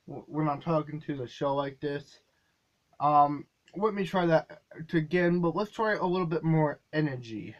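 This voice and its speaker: A man's voice: on the high side, moderate pace, muffled recording. A man casually explaining how he makes his comedy videos, rambling a little and correcting himself as he goes. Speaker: video creator. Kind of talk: casual behind-the-scenes explanation.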